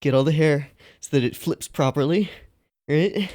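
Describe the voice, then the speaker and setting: A woman's voice: sits low, normal speed, warm tone. A woman hosting an anime reaction channel, chatting casually between takes and laughing and swearing at her own mistakes. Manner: giggly, self-mocking, swears and keeps laughing between takes. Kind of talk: casual behind-the-scenes chat.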